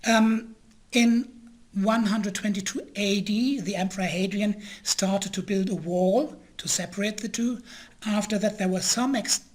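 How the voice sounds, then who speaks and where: A man whose first language is German, giving an online history lecture in a hesitant way, with many pauses and an occasional throat-clear. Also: high-pitched.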